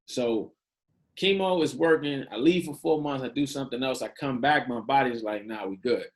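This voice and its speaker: A man's voice: medium pitch, moderate pace. Man telling his story, casual slang. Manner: animated, acts out quoted dialogue, casual slang. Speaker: podcast guest. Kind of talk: candid storytelling in an interview.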